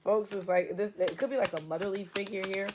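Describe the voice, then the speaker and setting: A woman's voice: medium pitch, steady tone, a little fast, background noise. A woman giving a casual tarot reading, blunt and full of swearing, laughing often. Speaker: tarot reader. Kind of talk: casual spiritual reading, profane and playful.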